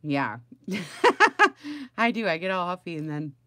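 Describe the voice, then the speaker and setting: A middle-aged woman with a lowish voice chats on a crafting livestream from home, rambling along and greeting viewers by name. The sound is close and dry, with no room echo. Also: huge pitch swings, takes it slowly, bright, forceful tone. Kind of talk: casual livestream chat with viewers.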